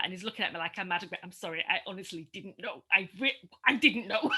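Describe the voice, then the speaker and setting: A middle-aged woman telling a reflective personal story in a group conversation, animated and often laughing. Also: a little high. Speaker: community discussion participant.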